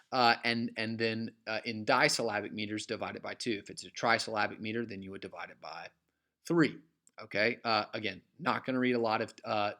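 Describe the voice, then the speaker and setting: A man's voice: medium pitch, bright, forceful tone. A man teaching a recorded literature lecture in a casual, conversational way, full of fillers and frequent "okay?" check-ins.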